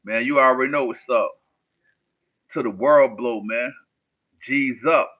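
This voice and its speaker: Unhurried and mid-range, a New Jersey man runs a casual livestream, fielding chat questions in relaxed street slang. The audio is narrow and tinny, like a phone call.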